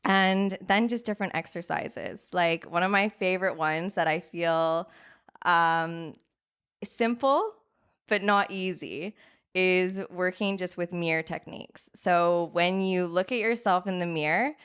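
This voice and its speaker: A woman in her thirties, appearing as a guest coach on a podcast, speaks earnestly in a casual interview style, acting out inner voices and checking in with "right?" a lot. Her voice sits on the low side and sounds smooth and a bit bright, and she doesn't hurry.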